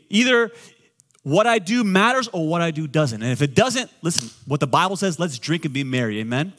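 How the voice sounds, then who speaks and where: A middle-aged man, a pastor, preaching a sermon with joking asides, swinging between loud and quiet. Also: a little high.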